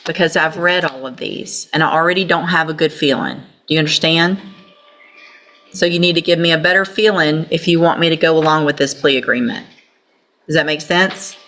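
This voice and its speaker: Lady judge, stern and bossy, fairly low voice, reading charges and telling people off. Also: bright, forceful tone, a little hiss or hum. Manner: stern, commanding, scolding. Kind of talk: courtroom proceedings.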